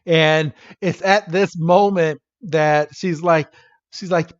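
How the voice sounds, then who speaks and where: A podcast co-host recaps a cartoon episode in a casual, comedic way, laughing often and animatedly acting out the characters' lines. His voice is on the high side and slow, in a dry recording with the highs cut off.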